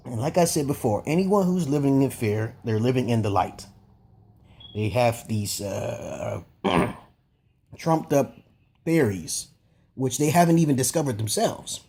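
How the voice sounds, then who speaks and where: A man's voice: mid-range voice, expressive, a little slow, mellow, slightly rough. A man giving a rambling, profane opinion monologue as a vlogger, emphatic and often checking "okay?" with his listeners. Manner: repeats and restarts phrases.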